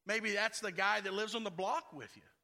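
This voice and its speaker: Male pastor, high and very bright voice, chatty sermon delivery with playful asides. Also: moderate pace, gravelly. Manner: conversational preaching with playful asides.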